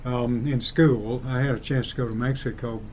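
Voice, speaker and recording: An older man with a softened Southern US drawl, answering questions in a relaxed, thoughtful way. His voice sits at an ordinary pitch for a man. Faint background noise hums under the recording. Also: normal speed. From Alabama, United States. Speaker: engineering professor. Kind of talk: casual interview.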